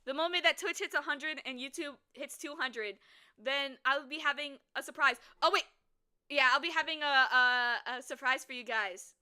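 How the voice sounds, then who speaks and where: A woman streaming a story game, reading it aloud and chatting with viewers, quick to burst into excited exclamations. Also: high-pitched. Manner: excitable, breaks into squeals and exclamations.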